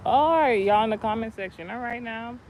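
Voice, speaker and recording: A man telling a rambling, animated story in a casual spiritual vlog, with many restarts, recorded outdoors near a street with passing cars. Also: very high voice, slight background noise, poor audio. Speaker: vlogger.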